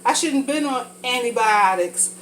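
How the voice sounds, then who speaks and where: A woman's voice: a little high, expressive, measured pace, fairly bright tone, slight background noise, low-quality recording. A woman talking casually and frankly while cooking for a vlog, rambling from thought to thought, a little congested from a sinus infection. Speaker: vlogger.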